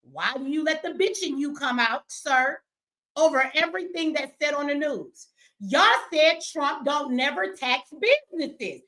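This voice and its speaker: A woman running a live stream, confrontational and profane, swinging between yelling at viewers and slow, emphatic explaining. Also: high-pitched, expressive. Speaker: livestreamer answering her chat; business owner.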